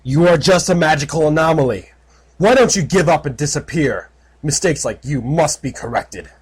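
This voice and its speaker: A man's voice: on the high side, expressive, normal speed, husky. A man voicing an arrogant male corporate villain in a fan audiobook, condescending and cold. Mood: haughty. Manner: haughty, condescending.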